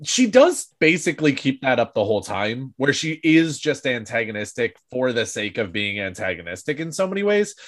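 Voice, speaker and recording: A man co-hosting a casual podcast discussion, animated and often laughing, acting out quoted lines. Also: mid-range voice, moderate pace, few pauses. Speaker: podcast co-host.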